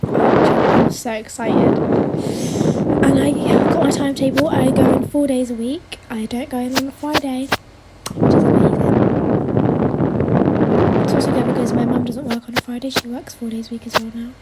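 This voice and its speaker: A chatty teenage girl with an English accent talks casually on a phone livestream, her voice high and light. She answers viewers' comments in a loose, giggly way, full of "like" and "mate". Loud noise runs behind her the whole time. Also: steady tone, fast, hardly any pauses. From Britain. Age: teens. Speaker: livestream host.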